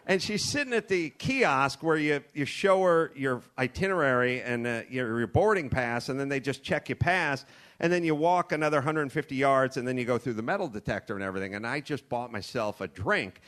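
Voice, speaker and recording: A middle-aged American man hosting a comedy show, telling rambling, profane stories with animated asides into a studio mic. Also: medium pitch. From United States. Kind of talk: comedic storytelling. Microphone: studio mic with cord.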